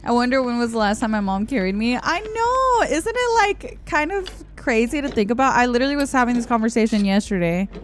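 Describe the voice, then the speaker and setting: With soft background music playing, a young woman streams a game and chats casually, laughing a lot as she replies to her viewers. Her voice is a little high and quick, with hardly any pauses.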